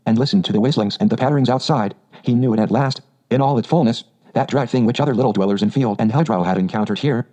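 Male audiobook narrator, measured and even, dark mellow tone, slightly muffled recording. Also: mid-range voice.

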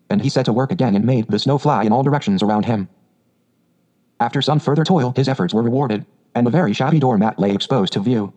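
A man narrating a children's story aloud in a steady, measured way on a dull lo-fi recording. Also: mid-range voice. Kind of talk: audiobook reading.

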